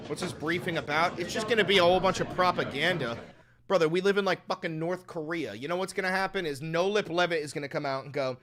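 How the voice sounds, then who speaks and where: A young man from New York hosts a political livestream, swearing freely and riffing sarcastically. His voice is bright and a touch high. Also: fast. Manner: profane, animated, sarcastic. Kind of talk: casual livestream commentary.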